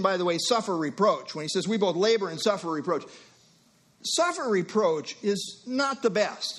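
A middle-aged male pastor preaching an expository sermon, emphatic, with rhetorical questions and quick asides. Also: high-pitched, fairly bright tone.

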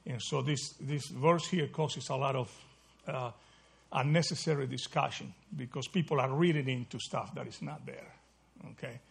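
A man's voice: mid-range voice, normal speed, creaky, husky. A man teaching a Bible study class, asking the group questions and checking in with "right?" as he goes. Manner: asks the group questions, repeats "right?" often.

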